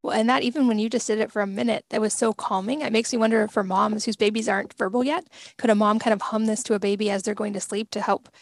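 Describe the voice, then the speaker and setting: A woman's voice: mid-range voice, steady tone, fast, creaky, no room sound. A woman hosting a podcast interview, asking curious, rambling questions. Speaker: podcast host. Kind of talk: casual interview talk.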